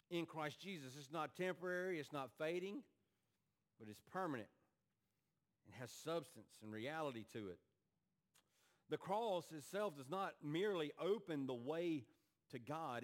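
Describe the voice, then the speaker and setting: A male pastor preaching a sermon in a church to his congregation, earnest, rising to emphatic peaks and sinking low and quiet.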